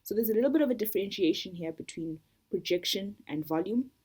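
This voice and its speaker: A woman leading a storytelling workshop, calmly going through terms one at a time and defining each. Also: medium pitch, fast talker, slightly rough. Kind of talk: instructional talk.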